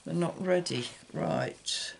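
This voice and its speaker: Guy rambling thru a card tutorial, slow and gravelly. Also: fairly high pitch. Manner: chatty, rambling, loses track mid-thought. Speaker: craft channel host. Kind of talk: casual card-making demonstration.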